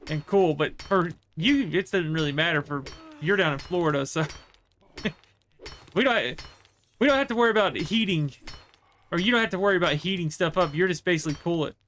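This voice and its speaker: A man's voice: fairly high pitch, fairly quick, long pauses, a bit bright, a little hiss or hum. A man livestreaming a game, chatting casually and rambling through a story with many fillers. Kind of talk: casual chat while gaming.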